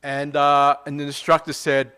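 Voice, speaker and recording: Male preacher, slightly high-pitched, relaxed storytelling sermon full of fillers and tag questions. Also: moderate pace, clean tone.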